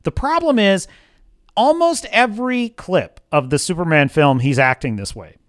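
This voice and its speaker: A man's voice: high-pitched, animated, moderate pace, dry recording, studio quality. A man hosting a livestream, giving passionate, opinionated film commentary and greeting his chat. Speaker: livestream host.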